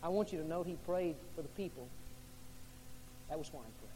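High-pitched preacher guy telling the story big, drops low then goes loud, faint hum in the room. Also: a little fast, pauses often. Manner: dramatic storytelling, swinging from hushed to loud. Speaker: pastor. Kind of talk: sermon. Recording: echoey hall with faint hum.

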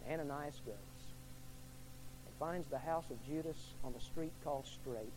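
A man preaching a sermon as pastor, swinging from hushed to loud and repeating his questions to the congregation. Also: fairly high pitch, moderate pace, background noise.

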